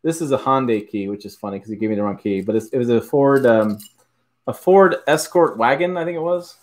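A man's voice: medium pitch, fairly quick. A middle-aged man from Michigan hosting a casual livestream, rambling and correcting himself as he answers viewers' questions. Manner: rambling, self-correcting, chuckles often. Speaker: livestream host.

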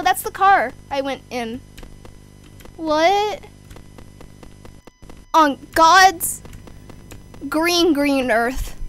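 A young woman commenting on a horror game, easily scared, swearing, shouting and joking at the screen. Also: high-pitched. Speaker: gamer.

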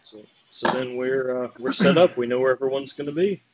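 A man's voice: mid-range voice, a little fast, a crowd in the background. A man chatting as a tabletop game player, hesitant and often restarting, in a dry, slightly muffled recording. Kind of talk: casual tabletop game chat.

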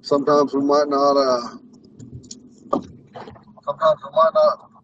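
A man's voice: a little high, wildly swooping pitch, measured pace, fairly bright tone, distant mic, highs cut off, a little hiss or hum. Man with a lisp talking while driving. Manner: rambling, earnest and spiritual. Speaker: Ponca language teacher. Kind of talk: casual talk while driving. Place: inside a car on the road.

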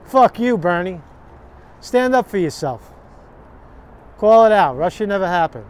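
A vlogger stands on a city street and rants angrily at the camera about politics, profane, sarcastic and spoiling for a fight. His voice is high-pitched and animated with a darkish tone, though his pace stays slow.

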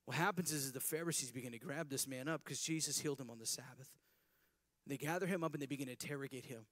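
A young man preaching a sermon, telling a Bible story with lively acted-out voices. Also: mid-range voice, fast talker, no room sound, clean studio sound. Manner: animated storytelling, acting out voices of biblical characters. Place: chapel service.

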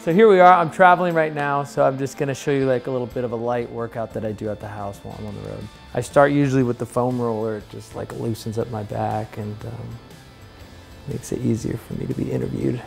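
A relaxed man in his thirties chats about food and training at home, laughing easily and leaning on fillers. His mid-range voice carries a gravelly edge, with soft music playing underneath. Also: mid-range voice, quick pace. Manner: relaxed, chatty, laughs often, lots of fillers. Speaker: interview guest, pro snowboarder. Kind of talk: casual chat. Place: house, indoors.

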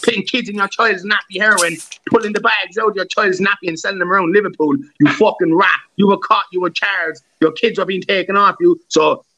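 High, bright-voiced man ranting angrily. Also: fairly even intonation, fairly quick, hardly any pauses, poor audio. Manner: abusive, heavy swearing, repetitive insults. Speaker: live-stream panel host. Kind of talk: angry live-stream rant.

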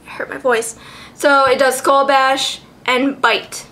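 A woman vlogger chatting casually, giggly and excitable, swearing freely as she goes. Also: sits high, unhurried. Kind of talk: casual chat.

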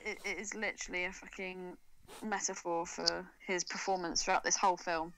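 A woman's voice: lowish voice, flat delivery, fairly quick, fairly bright tone, rough recording. A woman co-hosting a podcast, joking and swearing with lots of laughter. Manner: giggly, sweary, sarcastic. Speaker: podcast co-host. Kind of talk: casual chat.

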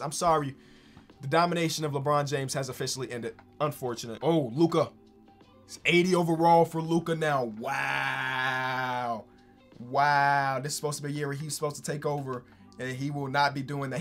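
A man giving casual, excitable commentary over a basketball video game, swinging from hyped shouts to dry asides. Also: fairly high pitch. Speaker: basketball gaming YouTuber.

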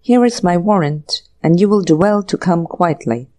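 A woman voicing a calm, formal male police inspector in a storybook reading. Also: on the low side, moderate pace, lightly acted. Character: quiet, small, civil male police inspector.

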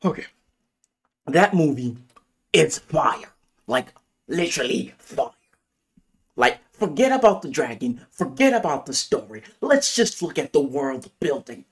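A man excitedly ranting about a film, gushing and swearing with lots of exclamations. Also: fairly high pitch, a little slow, pauses often, husky. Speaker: movie reviewer. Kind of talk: excited movie rant.

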